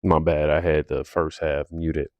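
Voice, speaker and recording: A man's voice: very deep voice, level tone, a little slow, no echo, lo-fi sound. A man hosting a reaction commentary, with sarcastic remarks between clips. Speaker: commentary host.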